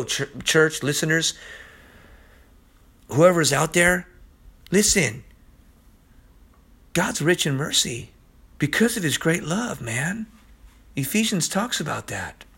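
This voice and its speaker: A man's voice: sits high, a bit bright, breathy edge. A man preaching a podcast sermon, urgent and pleading, who keeps repeating "listen" to his listeners. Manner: impassioned, pleading.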